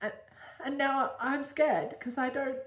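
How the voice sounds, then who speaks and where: A woman's voice: high voice, fairly even intonation, unhurried, roomy sound, voice pushed up. A woman reading her own story aloud, voicing a frightened young heroine who babbles through her tears. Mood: scared, tearful. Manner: tearful, babbling, breathless. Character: frightened young woman, a queen's hidden bastard.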